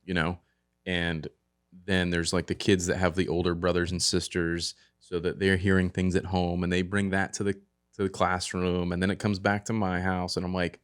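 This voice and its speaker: A man's voice: deep voice, little pitch movement, moderate pace, clean tone. A man co-hosting a podcast in casual chat, laughing often and acting out quotes from home life. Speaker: podcast co-host.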